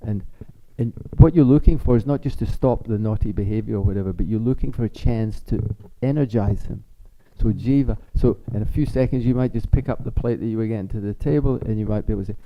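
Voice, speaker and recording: A man's voice: lowish voice, fast, hardly any pauses. A man presenting at a parenting seminar in a chatty, informal teaching style, often acting out bits of dialogue. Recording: slightly dull lo-fi sound.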